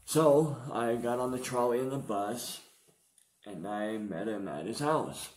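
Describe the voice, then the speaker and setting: In a vlog, a San Diego-area man talks about his past addiction, his medium-pitched, slightly mellow voice moving at a measured pace. The storytelling is casual, slangy and profane, with a confessional feel. There's a roomy echo on the recording.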